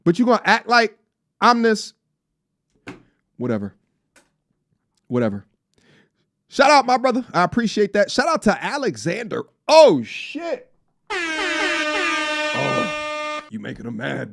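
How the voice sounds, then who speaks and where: A man's voice: on the high side, very animated, normal speed, gravelly, pauses often, a bit bright. A man hosting a live stream, reading out super chats in a playful, teasing way and laughing often. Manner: playful, teasing, laughs often, jumps between hype and mock-serious. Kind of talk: casual live stream chat. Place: travelling abroad.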